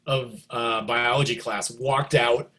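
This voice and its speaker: Middle-aged male musician guest, casual storyteller, chatty and animated, average pitch. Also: takes it slowly, a little hiss or hum. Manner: animated, jumps into excited quoted reactions; loose and chatty, many likes and you knows.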